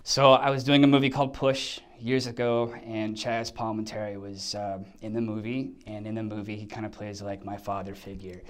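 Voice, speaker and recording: A male actor telling an animated story in a casual chat, acting out quotes and sound effects. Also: fairly low pitch, moderate pace, hardly any pauses. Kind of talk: casual anecdote.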